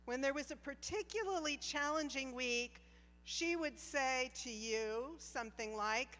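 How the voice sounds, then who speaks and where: Slow-spoken woman giving a heartfelt tribute. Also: high-pitched. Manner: warm, heartfelt, slow and deliberate. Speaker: former staff member giving a tribute. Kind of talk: tribute speech at a gala. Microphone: handheld microphone. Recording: reverberant hall from a distance.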